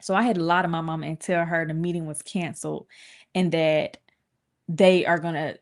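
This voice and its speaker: A woman's voice: low-pitched, normal speed. A young woman, telling viewers a story in a casual stream and acting out quoted voices. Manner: animated, acts out quoted voices with cursing.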